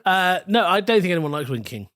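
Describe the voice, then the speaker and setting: A British man in his thirties co-hosting a casual comedy podcast, teasing and dry with quick jokes. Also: high-pitched, very animated, fairly bright tone. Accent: British English.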